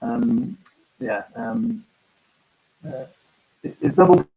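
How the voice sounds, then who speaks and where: A man, a farmer, hosting a casual live-stream chat, talking haltingly with many ums and restarts. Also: sits high, very animated, gravelly, warm tone, breathy edge, muffled recording.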